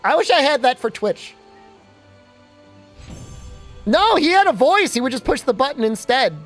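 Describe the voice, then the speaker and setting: Animated high-voiced male game streamer. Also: a little fast, soft background music. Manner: chatty, animated storytelling with laughs. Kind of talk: casual chat while gaming.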